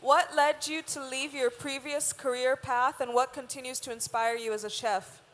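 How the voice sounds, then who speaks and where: Brief: woman audience member, high voice, deliberate, far off in an echoey hall. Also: fairly even intonation, fairly bright tone. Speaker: audience member asking a question. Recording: distant voice in reverberant hall.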